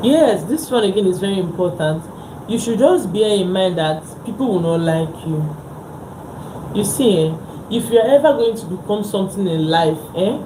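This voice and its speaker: A woman's voice: medium pitch, expressive, moderate pace. A woman hosting a motivational live talk, pressing her points by repeating short phrases over and over. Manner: emphatic, repeats phrases for stress. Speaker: livestream host. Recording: echoey room with background noise.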